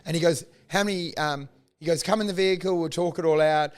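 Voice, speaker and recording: A man's voice: a little high, fast talker, clear, resonant tone. A man telling a story in casual chat, acting out each line he quotes. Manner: animated anecdote teller, acts out quotes.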